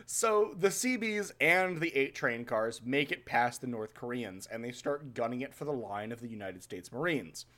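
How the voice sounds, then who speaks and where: A man casually telling a history story on a podcast, animated, swearing freely and laughing often. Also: mid-range voice, moderate pace, hardly any pauses.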